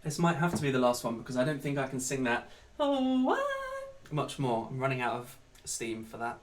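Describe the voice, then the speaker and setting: A man's voice: medium pitch, fairly even intonation, quick pace, far from the mic, background noise. Chatty man, slightly off-mic. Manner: chatty, rambling, many ums. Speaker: online choir leader. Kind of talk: casual chat to viewers. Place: home during lockdown.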